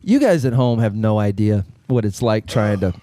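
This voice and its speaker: A man with a lively, animated delivery chats as host of a casual comedy podcast. He is wry and quick with a comeback, and the sound is close and dry. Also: on the low side, no room sound. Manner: wry, quick-witted, steers the show.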